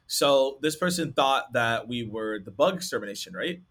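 Brief: male host, lively anecdote teller, crisp bright voice. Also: mid-range voice, normal speed. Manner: animated, talks with many likes. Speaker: podcast host and sales rep. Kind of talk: casual storytelling.

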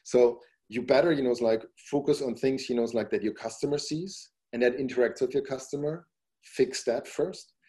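Warm-toned and medium in pitch, a man talks at a moderate pace as a guest on a podcast. He's a company founder who answers casually and at length, repeatedly using "you know, it's like" and growing forceful as he drives points home.

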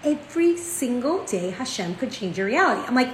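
A woman's voice: on the high side, a little fast, hardly any pauses. Chatty New woman teaching in an echoey room. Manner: chatty, animated storytelling with many "like" and "right?". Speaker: Torah class teacher. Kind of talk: casual spoken lesson. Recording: echoey room with faint ambient noise.

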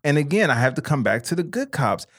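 A man's voice: a little high, big pitch swings, quick pace, a bit bright. A man in casual chat, emphatic, calling people bro and man, swearing freely.

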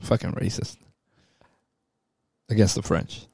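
A man's voice: on the low side, slow pace, vocal fry, a little mellow, slightly rough, no room sound, clean studio sound. A man co-hosting a podcast, talking bluntly and teasingly in casual chat and swearing a lot. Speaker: podcast co-host.

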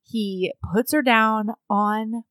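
A woman co-hosting a podcast in casual chat, recapping a book with a co-host, acting out characters' lines in a lower voice and laughing often. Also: steady tone, drawn-out words, a bit bright, no room sound. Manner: drops into a low husky voice to act out characters' lines, laughs often, swears.

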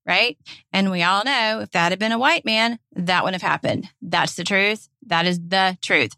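A woman's voice: medium pitch, normal speed, gravelly, sharp tone, no echo. Impassioned Southern woman, dry close sound. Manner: emphatic, impassioned, swears freely. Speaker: podcast co-host. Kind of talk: casual chat.

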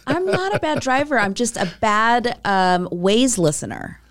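A woman's voice: fairly high pitch, sing-song, unhurried. A woman chatting casually, eager and agreeable, talking about her day and praising her friend. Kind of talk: casual podcast chat.

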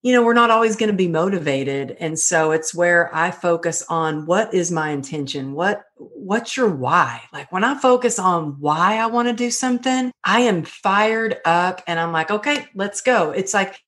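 A middle-aged woman talking about her life in an earnest, animated storytelling way as a podcast guest. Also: lowish voice, moderate pace, hardly any pauses. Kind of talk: casual conversation.

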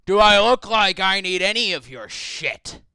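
A man gives voice to a gruff dwarf tavern patron who wants nothing from anyone. His tone is bright and crisp, his words short and cold. The room sounds dry. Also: a little slow, no echo. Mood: contemptuous. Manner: curt, dismissive, low and quiet.

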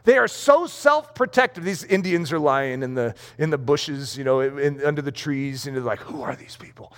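Long reverb carries the high, fairly bright voice of a man preaching in a large hall. Animated and emphatic at a moderate pace, he performs the voices of those he quotes.

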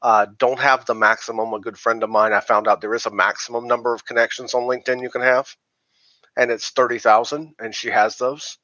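A man guesting on a podcast, answering in a measured way with many fillers. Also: medium pitch, level tone, sharp tone, no room sound, dull audio. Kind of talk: casual interview answers.

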